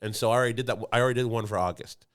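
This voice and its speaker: A man co-hosting a podcast tells a rambling story in a casual chat, laughing frequently. His voice is mid-range and very fast, recorded in a podcast studio.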